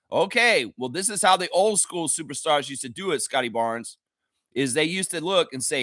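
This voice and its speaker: A man's voice: high voice, lively intonation, moderate pace, bright, forceful tone, no room sound, clean studio sound. A man hosting a live basketball reaction show, ranting heatedly and profanely at the players. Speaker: sports reaction host.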